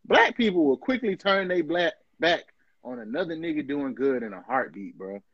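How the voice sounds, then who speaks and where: A man's voice: on the high side, huge pitch swings, moderate pace, creaky, slightly rough, no echo. A man co-hosting a casual podcast chat, slangy and emphatic. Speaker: podcast co-host. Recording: dull dry lo-fi recording.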